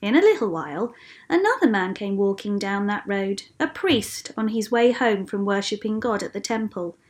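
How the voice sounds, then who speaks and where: A woman teacher reading a Bible story aloud in a clear, expressive storytelling voice. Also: mid-range voice, normal speed. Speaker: school teacher.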